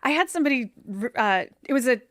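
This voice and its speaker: A woman hosting an interview podcast in a fairly high voice. Her sound is dry and close, and she keeps things easygoing, encouraging the guest and asking questions. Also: animated, fast talker, fairly bright tone, no room sound. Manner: easygoing, affirming, asks questions. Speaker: podcast host. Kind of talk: casual interview chat.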